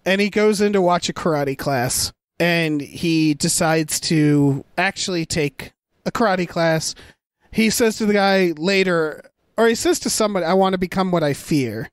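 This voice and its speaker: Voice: medium pitch, animated, moderate pace, smooth, no room sound. A podcast co-host talking about a film in a casual, rambling way. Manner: rambling, many fillers and restarts. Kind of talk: casual film review chat.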